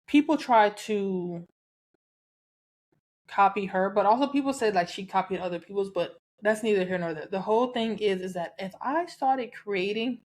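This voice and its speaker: A woman from the American South with a Southern accent, hosting a solo podcast in a candid, chatty way, cussing and laughing freely. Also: medium pitch. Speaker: podcast host. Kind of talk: casual solo podcast talk.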